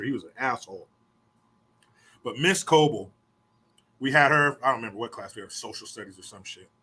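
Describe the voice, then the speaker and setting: A middle-aged man casually telling profane, animated stories from his school days, acting out what others said. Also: mid-range voice. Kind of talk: casual storytelling.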